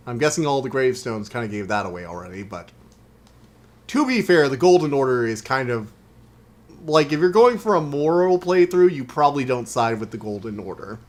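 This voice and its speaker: A man's voice: medium pitch, sing-song, fairly quick. A man streaming a video game, chatting as he plays, wry and sometimes exasperated. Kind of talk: gaming stream commentary.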